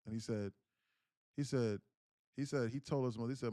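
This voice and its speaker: A day trading livestream host, about thirty, speaks earnestly and candidly about his family, often repeating what he's just said. His voice is medium-pitched and mellow at a moderate pace, recorded in a studio with no room sound.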